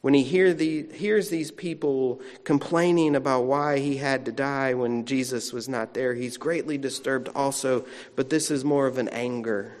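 A man's voice: medium pitch, steady tone, normal speed, few pauses, darkish tone. A male pastor giving a sermon in a chatty storytelling way, with asides to the congregation. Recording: long reverb of a large hall.

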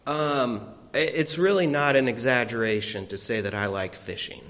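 Pastor preaching in an echoing church. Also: male voice, mid-range voice, moderate pace, hardly any pauses, fairly bright tone. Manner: folksy storytelling with self-deprecating humor. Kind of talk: sermon. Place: church sanctuary.

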